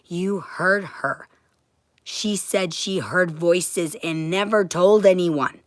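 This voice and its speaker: A woman's voice: fairly low pitch, slow pace, dry recording, clean studio sound. A woman ranting to her livestream viewers from home, swearing constantly. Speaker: vlogger.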